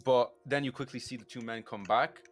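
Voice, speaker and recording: Game master: mid-pitched man, casual narration, frequent restarts. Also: steady tone, brisk.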